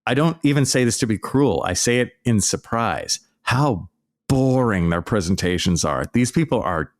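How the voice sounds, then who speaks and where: A man hosting a podcast as an archaeology professor, ranting in a sarcastic, mocking, animated way. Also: mid-range voice, moderate pace, no room sound, clean studio sound. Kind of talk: casual ranting commentary.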